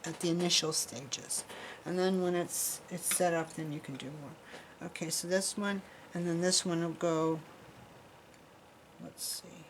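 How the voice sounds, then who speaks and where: A woman's voice: mid-range voice, slight background noise, rough recording. A woman giving a casual, chatty crafting demonstration in her workshop, rambling a little as she works with her hands. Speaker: jewelry-making instructor.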